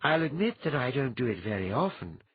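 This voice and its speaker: A man voicing a teasing, imperious woman who is fond and sentimental, with a husky sound. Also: medium pitch, sing-song, fairly quick, dry recording, narrow, tinny audio, pitched above the performer's own voice.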